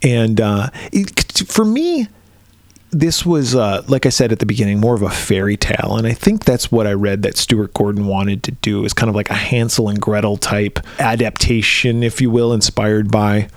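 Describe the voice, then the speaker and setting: A man's voice: on the low side, moderate pace, no echo. A man co-hosting a podcast, chatting casually about a movie, rambling and swearing, often slipping into mock voices to replay scenes. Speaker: podcast co-host. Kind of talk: casual movie review chat.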